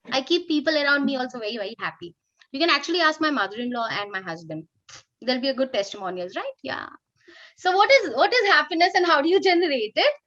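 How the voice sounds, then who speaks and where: Upbeat high-voiced Indian woman. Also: muffled recording. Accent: Indian English. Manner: lively, upbeat, coaching tone. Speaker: teacher trainer. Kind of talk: online workshop talk. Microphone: video call.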